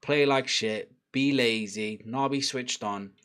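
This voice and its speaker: Young man streaming a live match reaction, mid-pitched, chatty, swears a lot. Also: slow, clean tone. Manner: chatty, swears, shouts at the players, laughs often. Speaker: football watchalong streamer.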